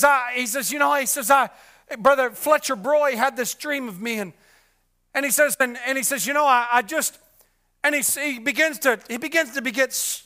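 High, bright-voiced impassioned male preacher. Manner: impassioned, swings from loud cries to hushed murmurs; repetitive, restarts with many fillers. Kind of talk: sermon.

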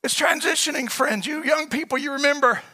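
A man's voice: very high-pitched, a little fast, sharp tone. A man preaching a sermon, impassioned and repeating his phrases as he builds.

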